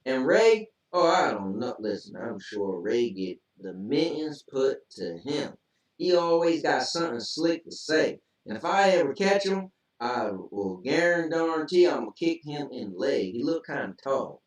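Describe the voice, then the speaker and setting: A man co-hosting a casual show, reading out listener comments slowly and often laughing along. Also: medium pitch, expressive. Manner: slow, laughs while reading. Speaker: co-host. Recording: echoey room, far from mic.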